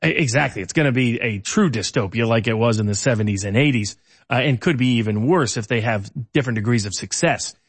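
A man's voice: mid-range voice, fairly quick, husky, dry recording. A man hosting a political interview, asking long, conversational questions. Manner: conversational, with fillers and restarts. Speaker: interview host.

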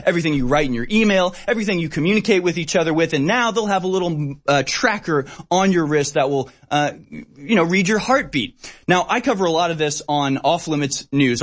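Exasperated ranting man, raised pitch. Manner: exasperated, sarcastic, with short laughs and many fillers. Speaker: talk show host. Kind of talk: ranting news commentary.

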